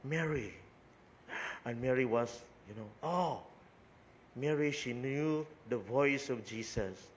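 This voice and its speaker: A man's voice: medium pitch, slow, slight background noise. A priest with a Filipino accent, a Cebuano speaker, reads the gospel and then preaches in a conversational way, often tagging "no?" onto his sentences. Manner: conversational, frequent tag "no?". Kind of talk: gospel reading and homily.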